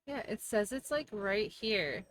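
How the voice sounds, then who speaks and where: Speaking a little slowly in a mid-range voice with big swings in pitch, a young woman chats casually with her viewers while gaming on a live stream at home. She rambles, laughs easily, and reads chat out loud.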